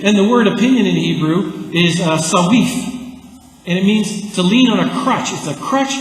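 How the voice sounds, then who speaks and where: A man from Canada preaching a sermon as pastor, conversational and animated, with lively asides. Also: high voice, normal speed. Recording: echoey church hall.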